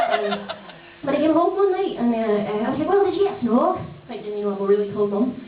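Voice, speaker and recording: A woman's voice: on the high side, animated, brisk, slight background noise. A woman in her thirties with a Northern Irish accent doing a chatty, brash stand-up set, swearing freely and laughing often. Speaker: stand-up comedian. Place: small comedy club stage. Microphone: handheld stage mic. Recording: tinny, distant, echoey club recording.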